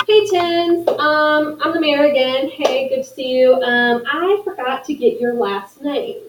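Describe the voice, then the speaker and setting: Teacher lady doing a grumpy mayor guy, shrill and high, echoey room, mic far off. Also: unhurried. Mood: puzzled. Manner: shrill, strained yelling when angry. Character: puzzled male small-town mayor, quick to anger. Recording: echoey room, voice from afar, faint noise.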